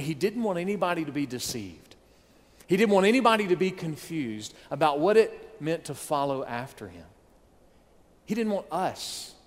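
A man preaching a sermon, acting out what the crowd thought in lively, rising voices. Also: in a large hall. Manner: animated preaching, acts out crowd voices with rising pitch and volume. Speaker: pastor.

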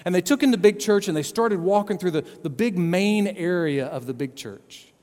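A man preaching a children's sermon, telling a story in a playful, animated way and often checking in with his listeners. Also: high-pitched, moderate pace, big-room sound.

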